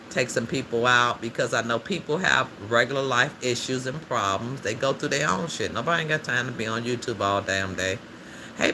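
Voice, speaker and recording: Man, livestream host, gravelly voice, chatty, answers viewer comments, noisy background. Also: medium pitch. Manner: chatty, reads and answers viewer comments aloud, laughs often. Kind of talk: casual livestream chat with viewers.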